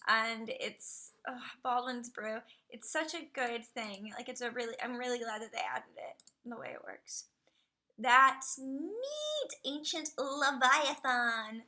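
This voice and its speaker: A woman streamer chatting casually on a live stream, gushing over what she sees and dropping into soft whispered asides. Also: on the high side, animated, slow pace.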